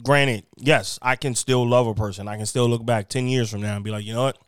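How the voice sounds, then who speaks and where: A man with a smooth, resonant voice hosts a casual podcast, feeling his way through long, thoughtful questions. The sound is dry and close, with no room around it. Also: mid-range voice, fairly even intonation, a little fast, no room sound. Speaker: podcast host.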